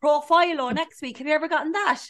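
An Irish woman co-hosts a chatty podcast, her voice pitched high and bright. She tells stories at a lively clip and acts out the lines of the people in them. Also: fast. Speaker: podcast co-host. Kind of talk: casual chat.

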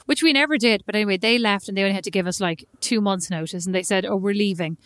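A woman's voice: mid-range voice, fast talker, a bit bright, dry recording, studio quality. A woman co-hosting a podcast, chatting and telling a story, acting out the people she quotes. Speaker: podcast co-host. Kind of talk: casual chat.

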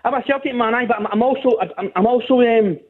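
A man's voice: very high-pitched, fast. A Scottish man calling a radio phone-in, grumbling and tagging "right?" onto his sentences. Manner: grumbling, repeats "right?" often. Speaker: caller. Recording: tinny phone line.

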